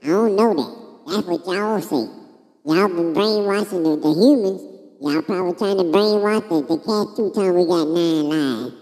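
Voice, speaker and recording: A woman's voice: fairly low pitch, moderate pace, warm tone, close to an everyday voice. A woman voicing a streetwise, boastful, cursing cat who tells a comic story in slangy speech. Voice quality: slangy, profane, boastful drawl. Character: streetwise tough-talking cat. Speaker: guest. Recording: long echoing reverb.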